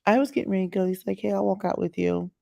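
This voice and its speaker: A woman telling a story on her vlog in a chatty, animated way, quoting the people she met. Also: medium pitch, very fast, gravelly. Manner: chatty, animated retelling with quoted asides. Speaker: vlogger. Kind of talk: casual storytelling monologue.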